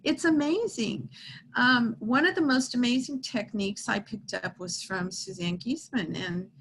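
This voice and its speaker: A middle-aged woman, a medium, telling a heartfelt story and reassuring a support group in an earnest, gentle way. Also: fairly high pitch, moderate pace, a little hiss or hum, rough recording.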